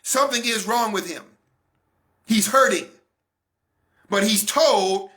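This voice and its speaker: A man in his forties hosting a weekly faith-based talk, speaking with fervor, repeating phrases for emphasis and rising to shouts. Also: high voice, slow pace. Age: 40s. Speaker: host of a weekly online talk broadcast.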